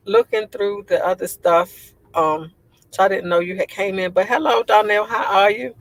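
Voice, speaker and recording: A woman with a low voice, chatting casually on a livestream, rambling and laughing often as she answers viewer comments. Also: sing-song, moderate pace, creaky, no echo, poor audio. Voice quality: low voice she says sounds like a man's. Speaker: livestream host.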